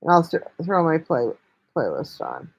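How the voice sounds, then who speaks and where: A woman's voice: low-pitched, wildly swooping pitch, moderate pace, vocal fry, muffled recording. A woman hosting a casual live stream, talking bluntly and chattily with lots of swearing. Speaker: livestream host.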